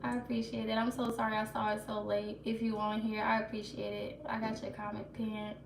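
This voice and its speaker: A woman's voice: a little high, monotone, a little fast, creaky, background noise. A woman hosting a casual livestream, chatting to viewers and laughing nervously. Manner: laughs nervously, talks to chat, restarts. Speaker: livestream host. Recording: roomy echo, mic a bit far, faint ambience.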